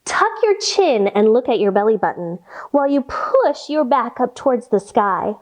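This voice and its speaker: A woman leading a children's storytime with yoga instruction, reading aloud in a playful, expressive way. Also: a little high. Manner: animated, playful, slow and expressive.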